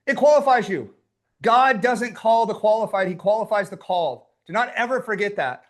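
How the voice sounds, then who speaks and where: A man's voice: sits high, animated, normal speed. A man coaching a live online workshop, fired-up and pushy, who swears casually as he urges people on. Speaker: business coach running a workshop.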